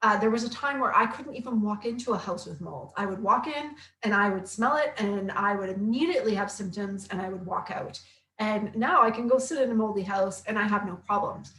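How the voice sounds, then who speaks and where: A woman who works as a health coach and author, chatting casually on a live stream and reading viewer comments aloud in an upbeat way, with quick asides and many fillers. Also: mid-range voice, a bit bright. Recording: roomy echo.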